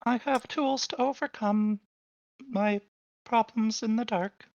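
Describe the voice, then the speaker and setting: A woman's voice: on the high side, fairly even intonation, takes it slowly, darkish tone, no room sound. A woman playing a tabletop game, talking in a polite, upbeat way. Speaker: player. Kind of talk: casual tabletop play. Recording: dull lo-fi mic, dry sound.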